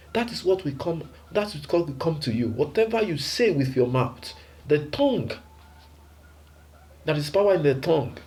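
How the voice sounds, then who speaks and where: A man's voice: a little high, darkish tone. A man preaching a sermon emphatically, with rhetorical questions and repeated phrases.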